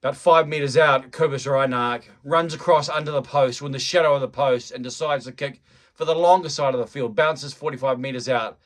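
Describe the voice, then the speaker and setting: A man's voice: medium pitch, a little fast. A man commentating a rugby match in a chatty, rambling, self-deprecating way, often restarting his sentences. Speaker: fan commentator. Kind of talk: live-style rugby play-by-play commentary.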